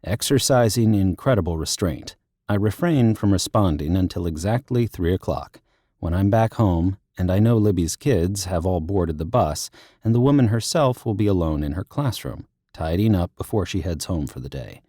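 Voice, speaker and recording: A young man narrating a romance audiobook in the first person, his voice low and mellow. He reads in a wry, intimate and playful way, close to the mic in a dry studio with no room sound. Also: animated, normal speed, no room sound.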